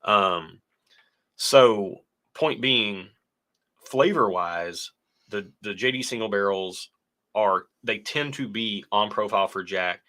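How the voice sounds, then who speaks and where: A man's voice: on the low side, slow pace, pushed and bright. A young adult man co-hosting a casual whiskey livestream, reading chat aloud and rambling with easy laughs. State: stuffy nose. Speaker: co-host of a whiskey tasting livestream.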